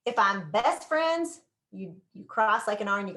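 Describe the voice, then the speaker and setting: Slow, demonstrative woman teaching a class. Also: a little high, lively intonation, fairly bright tone. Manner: slow, demonstrative, drawn-out words while signing. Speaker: sign language instructor.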